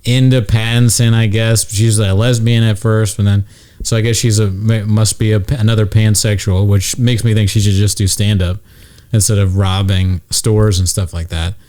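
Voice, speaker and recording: A man's voice: lowish voice, flat delivery, moderate pace, mellow. A man hosting a podcast, casually chatting and teasing his guest. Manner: teasing, needling. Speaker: podcast host.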